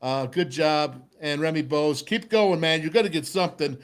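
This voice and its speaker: A middle-aged man hosting a sports talk show, telling a lively football story and acting out voices. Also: on the high side, moderate pace. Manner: animated storyteller, acts out voices, laughs often. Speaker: radio show host, former football player.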